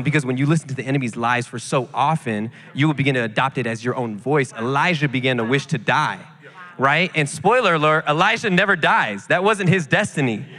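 A man's voice: medium pitch, pushed and bright. A man youth leader speaking earnestly and conversationally on a live church panel. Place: church sanctuary, live service.

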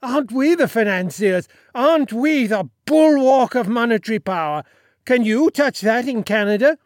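A man's voice: high voice, big pitch swings, measured pace, dry recording, clean studio sound, pitched above the performer's own voice. A man voicing a pompous, boastful little Sultan in a story reading, talking in a bossy, self-satisfied way. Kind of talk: audiobook character voice.

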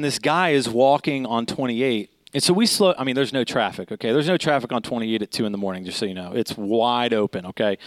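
A man in his thirties preaching in a casual, animated storytelling way, often checking in with "okay?". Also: medium pitch, no echo. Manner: animated, conversational, keeps asking "okay?". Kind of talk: storytelling sermon.

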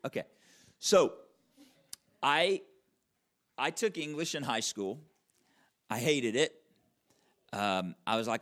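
A man preaching a conversational sermon, checking in with the audience with frequent questions and slowing right down to stress key words. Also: mid-range voice, expressive. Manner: wide swings in loudness and emphasis, drawn-out slow words. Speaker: pastor.

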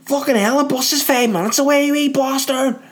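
A man putting on a coarse Belfast parent with a Belfast accent, yelling and swearing at a child. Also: very high voice, fairly even intonation, fairly quick, pitched above the performer's own voice. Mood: furious. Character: rough shouty Belfast parent scolding a child.

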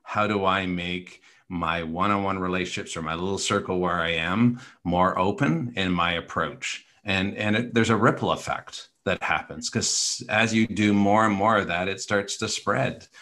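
A man's voice: low-pitched, normal speed, few pauses, pushed and bright. A man co-hosting a podcast, talking in an earnest, coaching way with many fillers and restarts. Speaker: podcast co-host. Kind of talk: casual conversational podcast talk.

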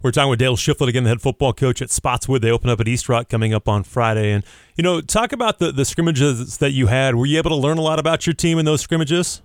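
A man's voice: mid-range voice, fast, dry recording, clean studio sound. A man hosting a radio sports interview, asking questions in a friendly, upbeat way with some fillers.

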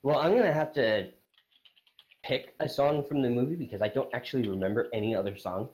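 A man's voice: mid-range voice, a little fast, a little mellow. Male guest with a mid-range voice who laughs off his own singing. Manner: self-deprecating, laughing. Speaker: podcast guest. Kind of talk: casual interview.

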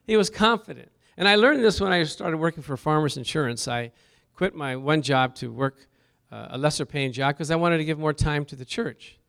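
A man's voice: fairly high pitch, moderate pace, creaky, fairly bright tone. A male pastor preaching a sermon, telling personal stories and asking the congregation questions, with rising emphasis on key words. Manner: storytelling, asks the congregation questions.

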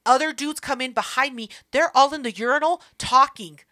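Woman, young adult, high pitched, bright, casual profane storytelling. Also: normal speed. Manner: animated, profane, acts out voices.

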